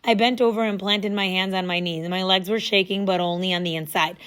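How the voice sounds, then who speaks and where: A woman reading a first-person story aloud in a casual, lively storytelling manner. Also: mid-range voice, a little fast, clear, resonant tone. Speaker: audiobook narrator.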